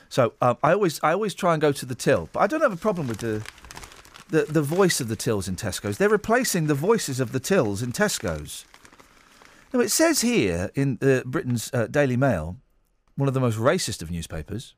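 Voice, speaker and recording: A man hosting a radio show, his voice pitched a touch high and swinging widely up and down. He rambles and teases through his chat, close on a studio mic with a dry, dead sound. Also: normal speed, no room sound. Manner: animated, rambling, teasing. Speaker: radio host.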